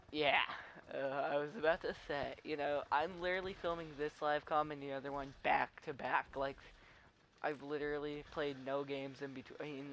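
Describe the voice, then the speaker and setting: A man's voice: fairly high pitch, a bit bright, slight background noise. A teenage boy giving rambling, chatty live commentary over his gameplay. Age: teens. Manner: rambling, chatty, tells stories with restarts. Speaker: gaming commentator.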